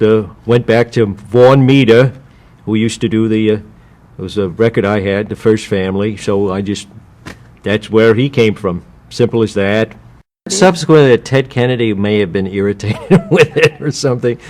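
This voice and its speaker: This guest, a voice actor from the United States, has a lowish, darkish voice and a moderate pace. Throughout the casual interview he wanders off topic, frequently starts over, and occasionally drops into character voices.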